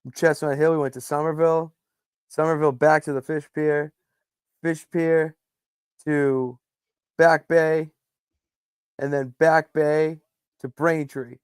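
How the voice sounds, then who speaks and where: A man in his twenties chatting casually, with joking, deadpan asides. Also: a little high, takes it slowly, long pauses, clear, resonant tone, no room sound, clean studio sound. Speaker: panelist. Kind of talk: casual chat.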